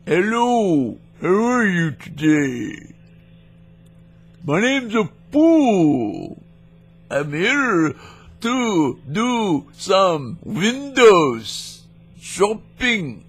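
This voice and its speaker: A man voicing a chirpy, slow-talking male caller in an exaggerated put-on voice during a prank phone call. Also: high-pitched, very animated, slightly rough, voice pushed up, exaggerated voice.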